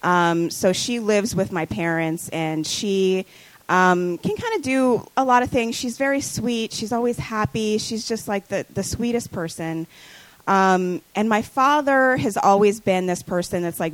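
A woman's voice: mid-range voice, no echo, low-quality recording. A woman telling a personal story on a comedy podcast, hesitant and full of ums and likes. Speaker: guest. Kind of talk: casual storytelling.

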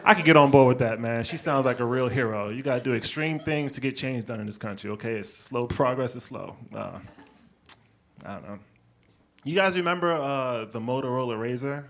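A man from Brooklyn doing a stand-up set on a club stage, telling stories with lively character bits and laughing at his own jokes. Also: medium pitch, moderate pace. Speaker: stand-up comedian.

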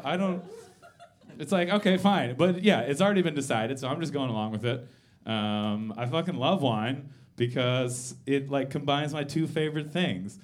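A man in his thirties doing a live stand-up set in a basement venue, swearing freely, mocking himself and tossing quick asides to the crowd. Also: medium pitch. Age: 30s. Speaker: stand-up comedian.

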